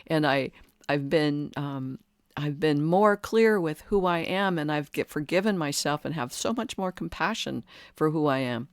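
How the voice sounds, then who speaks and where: A woman's voice: deep voice, expressive, unhurried, no room sound, studio quality. Earnest woman musing on a podcast. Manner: earnest, musing, many restarts and fillers. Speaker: podcast host and coach. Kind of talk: reflective solo podcast talk.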